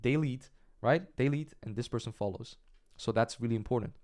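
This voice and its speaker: Direct male sales coach, talking fast. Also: medium pitch, darkish tone. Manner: direct, repeats "right?", acts out sample calls. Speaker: agency coach. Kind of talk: sales training lesson.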